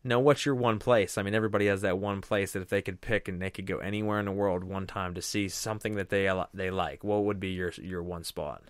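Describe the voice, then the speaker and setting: Young guy hosting a podcast, low smooth voice, swears a lot, rambly animated storytelling. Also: quick pace, hardly any pauses, no room sound, studio quality. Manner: animated, profane, rambling with restarts. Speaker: podcast host. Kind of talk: casual storytelling chat.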